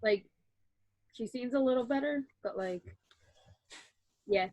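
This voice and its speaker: Woman, casual chat, hesitant, filler-heavy, somewhat high, dry close sound. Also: slow pace, darkish tone, dry recording.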